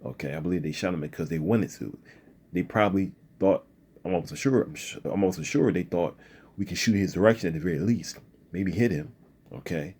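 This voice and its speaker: A man's voice: low voice, a little fast, darkish tone, husky. A man from the area, giving an earnest commentary monologue and tagging his sentences with "okay?" and "you know.". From Philadelphia area, USA. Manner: frequent "okay?" and "you know" tags, restarts. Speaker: video commentator.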